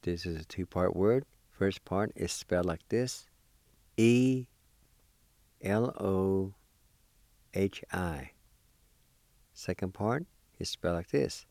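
A man speaks very slowly in a lowish, mellow voice, patiently sounding out syllables for a recorded pronunciation lesson. The voice is close and dry, with an encouraging teacher's manner. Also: gravelly, no room sound. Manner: patient, spells out syllables one by one. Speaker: language teacher.

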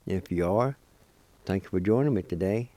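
A man with a deep, mellow voice hosts a weekly program and teaches a language lesson. Syllable by syllable he spells out words, repeats them slowly and encourages beginners to practice, and there's no room sound.

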